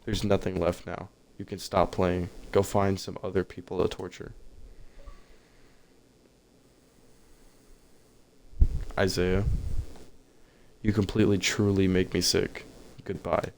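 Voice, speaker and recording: A man reading aloud the lines of a desperate, lovesick teenage girl from a game, in a plain, flat voice. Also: low voice, normal speed, gravelly, slight background noise. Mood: anguished, accusing.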